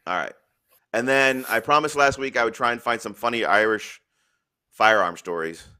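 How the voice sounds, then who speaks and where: A man's voice: medium pitch, moderate pace, bright, forceful tone, clear, resonant tone. A man hosting a live stream, talking bluntly and profanely in an opinionated rant, then telling jokes and reading a news story aloud. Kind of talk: opinionated casual talk.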